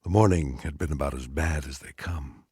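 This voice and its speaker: A man narrating a literary short story aloud in an expressive, dramatic reading style. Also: very deep voice, moderate pace, breathy edge, no echo, studio quality. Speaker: audiobook reader.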